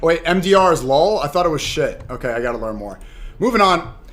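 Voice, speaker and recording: Rambling young streamer man, slightly high voice. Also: animated, a little fast, noisy background. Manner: rambling, talks to chat. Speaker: streamer reacting to clips. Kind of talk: casual live-stream reaction.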